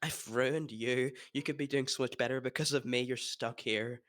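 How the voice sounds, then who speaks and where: A man playing his character in a tabletop role-play, talking haltingly and despairingly, with nervous laughs. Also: mid-range voice, fairly even intonation, a bit bright. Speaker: player.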